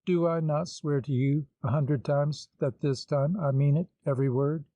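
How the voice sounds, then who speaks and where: A man voicing an excitable, hot-tempered organist who pleads and swears vehemently. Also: fairly high pitch, moderate pace, dry recording, close to an everyday voice.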